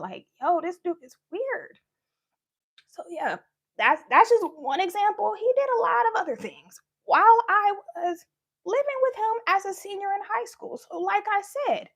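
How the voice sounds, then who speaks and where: High-voiced young woman telling her story. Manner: candid, conversational, acts out quoted lines. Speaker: speaker sharing her story. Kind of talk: personal storytelling, live.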